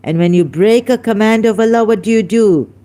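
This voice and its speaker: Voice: medium pitch, brisk, dark tone. A speaker hosting a heated religious debate, scolding a caller with emphatic rhetorical questions and sounding angry. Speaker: online debate host.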